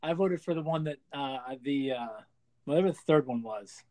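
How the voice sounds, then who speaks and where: A man's voice: a little high, normal speed, warm tone. A man co-hosting a podcast, making jokey sarcastic asides. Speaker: podcast co-host. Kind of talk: casual chat.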